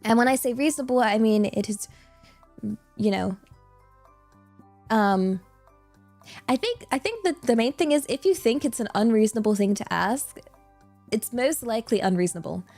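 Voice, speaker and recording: A woman chats loosely with her stream, her voice sitting a little high as she wanders between thoughts, filling gaps with ums and quick giggles. Faint music plays underneath. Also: lively intonation, darkish tone. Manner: rambling, giggly, many fillers. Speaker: VTuber streamer. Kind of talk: casual livestream Q&A chat.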